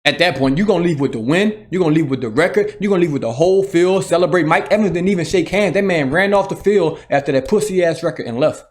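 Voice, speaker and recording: A man's voice: a little high, fast talker, few pauses. Heated man ranting as a fan. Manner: heated, profane, repetitive ranting. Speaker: sports channel host. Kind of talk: solo fan rant.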